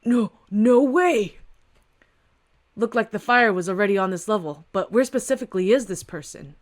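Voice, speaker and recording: A woman reading a webtoon aloud, voicing a calm young man who rescues someone from a fire. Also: mid-range voice, normal speed, close to an everyday voice.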